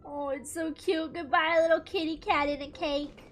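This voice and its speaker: Giggly, very high-voiced young woman gamer. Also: normal speed. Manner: giggly, excitable, gushing. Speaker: gaming streamer. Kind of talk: casual let's-play chat. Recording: commentary over game music.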